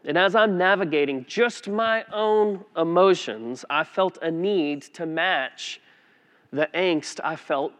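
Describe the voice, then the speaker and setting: A man preaching a sermon as pastor, telling a personal story in a conversational, animated way with frequent restarts. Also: sits high, slow pace.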